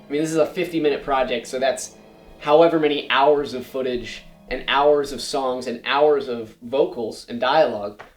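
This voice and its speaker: A teenage boy talks through his project slides in a relaxed, chatty way, explaining each step as he goes. His mid-pitched voice rings out in a roomy space. Faint music plays underneath. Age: late teens. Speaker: student presenter. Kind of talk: casual slideshow presentation. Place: school presentation room.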